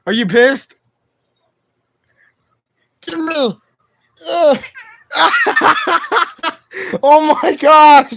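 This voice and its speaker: A man's voice: very high-pitched, very slow, pauses often, a bit bright. A young man live streaming from home on his phone, chatting to his cat in slangy, profane speech. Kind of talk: casual live stream chat.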